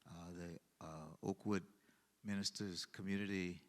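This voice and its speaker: Low-pitched male pastor, halting teaching style that rises for emphasis. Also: steady tone. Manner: halting, many fillers and restarts, swells in emphasis. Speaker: pastor leading Bible study. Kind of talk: Bible study teaching.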